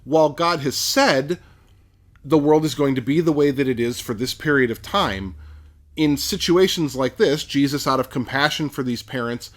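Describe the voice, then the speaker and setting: Man, podcast co-host, casual Bible talk, explanatory, measured. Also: mid-range voice.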